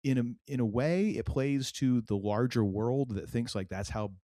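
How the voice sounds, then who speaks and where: This podcast co-host is a middle-aged New Englander with a warm, medium-pitched voice at normal speed. The sound is dry and studio-clean, and he chats casually and meanderingly, with frequent fillers and restarts.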